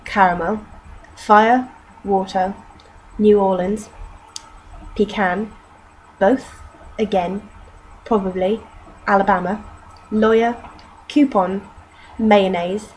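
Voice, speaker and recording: A young British woman with a patchwork accent, mostly southern English with northern and Canadian traces, talking in a relaxed, self-mocking vlog. She speaks at an unhurried, slow pace, and her voice sits at an ordinary middle pitch. A faint room hum runs underneath. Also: low-quality recording. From North Yorkshire, England. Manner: chatty and self-mocking, drops in mild swearing. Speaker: vlogger. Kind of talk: casual accent-challenge vlog, reading word lists aloud.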